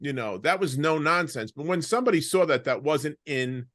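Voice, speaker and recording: Over a video call, a Long Island–accented podcast host in his late fifties, once a player himself, rambles casually and leans on "you know" nonstop. He sounds a little high, expressive, and fairly bright at a normal speed, in a dry, studio-quality recording.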